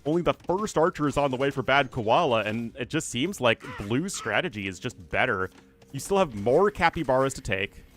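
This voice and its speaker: A man's voice: medium pitch, animated, normal speed, a bit bright, faint music behind. A man with a General American accent casting a live strategy game and chatting with viewers between plays. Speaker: esports caster.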